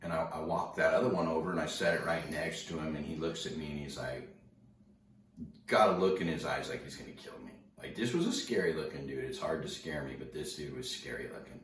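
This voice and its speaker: A man's voice: very deep voice, brisk, fairly bright tone, a little hiss or hum. A man casually telling a personal story in a laid-back, slangy way. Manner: laid-back, slangy, lots of "dude" and "bro". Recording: echoey room, distant mic.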